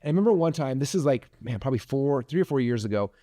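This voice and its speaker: A man's voice: medium pitch, lively intonation, racing, warm tone, dry recording, clean studio sound. A man in his forties hosting a podcast, giving a rambling motivational talk full of likes and restarts. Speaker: podcast host.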